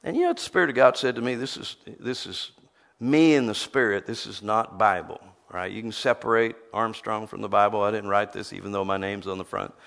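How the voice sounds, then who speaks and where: A man's voice: fairly low pitch, a little fast, vocal fry, fairly bright tone. A man preaching a sermon, reading scripture aloud and teasing the crowd with rhetorical questions.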